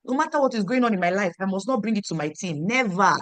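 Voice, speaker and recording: A woman's voice: medium pitch, animated, fast, fairly bright tone, no echo. Emphatic woman coaching her team. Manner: emphatic and repetitive, quizzing listeners. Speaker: team leader training her downline. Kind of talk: motivational team training talk.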